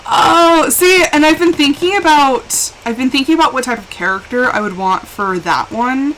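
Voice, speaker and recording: A woman's voice: sits high, moderate pace, a little hiss or hum, poor audio. A young woman chatting casually and animatedly while live-streaming a game. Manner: chatty and animated, with laughs and exclamations.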